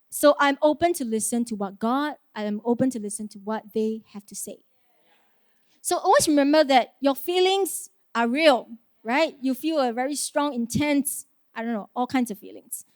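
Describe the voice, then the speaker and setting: A woman's voice: high voice, dry recording, clean studio sound. A woman preaching a sermon in an earnest, conversational way, asking rhetorical questions and laughing lightly.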